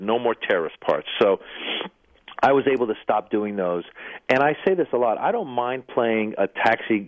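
A man with a somewhat low voice tells stories with a comic, self-mocking edge, pausing and restarting often. He comes through a narrow, phone-like line that sounds dry and close, with no room around it. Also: dry recording. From Iranian-American family. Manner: storytelling with hesitations, self-deprecating. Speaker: comedian and actor, interview guest. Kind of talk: casual anecdote-telling interview.

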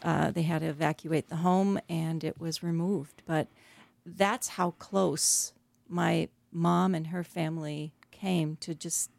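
Woman author, low pitch, gravelly, dry sound, earnest radio guest. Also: fairly even intonation, takes it slowly, no echo. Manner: warm, earnest storytelling with hesitations. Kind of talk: radio interview.

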